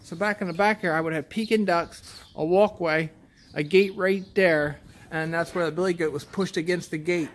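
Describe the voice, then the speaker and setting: A man who farms goats, telling a story in a plainspoken, halting way, often restarting his sentences. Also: high voice, steady tone. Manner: plainspoken, halting, shaken retelling. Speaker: goat farmer. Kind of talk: casual storytelling.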